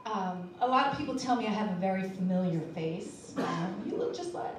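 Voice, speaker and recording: A woman doing a stand-up comedy set, wry and self-mocking, slipping into shrill impressions. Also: expressive, a little fast, background noise. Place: comedy club stage. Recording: echoey room, voice from a distance.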